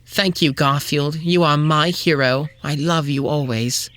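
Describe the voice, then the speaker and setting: A man's voice: a little high, measured pace, fairly bright tone, voice pushed up. A man voicing a whiny, lovestruck woman companion in a raised tone.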